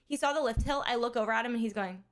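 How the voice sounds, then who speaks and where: High-voiced woman streamer, animated storyteller. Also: very fast. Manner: animated, laughing often, casual swearing. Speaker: streamer hosting a charity fundraiser. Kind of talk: casual storytelling chat.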